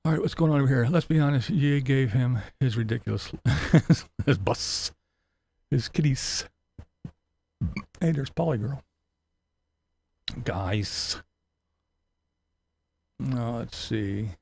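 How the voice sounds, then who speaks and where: A man's voice: mid-range voice, slow pace, vocal fry, long pauses, a little mellow, husky. A man hosting a livestream commentary show, ranting in a sarcastic, mocking way, swearing freely and laughing often. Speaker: commentary channel host. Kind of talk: profane livestream rant.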